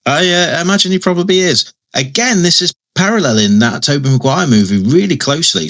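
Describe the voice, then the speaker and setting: A man's voice: medium pitch, fairly bright tone. A man giving casual, chatty commentary while reviewing a comic book, often adding tag questions and restarting sentences.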